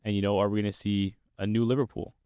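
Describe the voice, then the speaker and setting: A man's voice: fairly low pitch, little pitch movement, quick pace, warm tone, clean tone, no echo. A young man hosting a casual football podcast, upbeat and steering the talk with questions. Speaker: podcast host. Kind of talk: casual sports chat.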